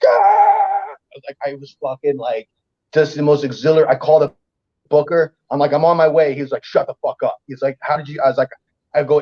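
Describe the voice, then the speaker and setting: A male comedian guest tells a story in a fairly high voice, with the highs cut off in the audio. His talk is casual, profane, and animated, and he acts out the voices of the people in the story.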